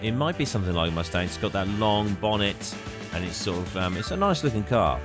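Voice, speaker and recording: A man's voice: lowish voice, very animated, fairly quick, over music. A man casually retelling a film's plot on a podcast, laughing often and hamming up the characters' lines. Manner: laughs often, acts out characters in exaggerated voices. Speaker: podcast co-host. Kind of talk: casual film recap chat.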